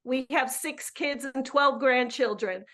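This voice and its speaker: High-pitched lady calling in, gushing and emphatic, stumbles and repeats words. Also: unhurried, a bit bright. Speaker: caller on a live Q&A, coach. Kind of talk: live call-in chat.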